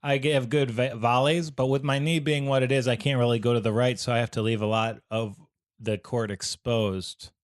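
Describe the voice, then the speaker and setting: A man's voice: medium pitch, steady tone, moderate pace. A man in his thirties co-hosting a casual podcast, joking and swearing, laughing as he talks. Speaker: podcast co-host. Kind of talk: casual chat. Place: small room in New York.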